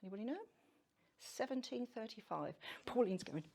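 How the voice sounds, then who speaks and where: A woman's voice: a little high, lively intonation, moderate pace, gravelly, mellow. Lady chatting through a talk to a room full of people, voice bouncing up and down a lot, asks the crowd stuff. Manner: chatty and self-deprecating, asks the audience questions. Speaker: tarot speaker giving a public talk. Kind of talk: casual lecture to a live audience. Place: venue room with an audience.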